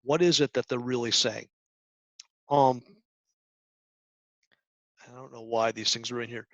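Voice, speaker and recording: A middle-aged man giving a talk to high school students, coaching earnestly with restarts and acted-out examples. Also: fairly even intonation, unhurried, no echo. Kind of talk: presentation talk. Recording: dull lo-fi sound.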